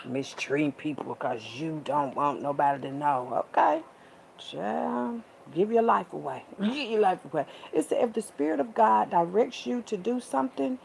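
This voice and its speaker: A woman's voice: mid-range voice, creaky, darkish tone, slight background noise, poor audio. A woman, sassy and preachy, calling listeners baby and child. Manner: sassy, preachy, drawn-out with pet names. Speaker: vlogger. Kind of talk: casual monologue to camera.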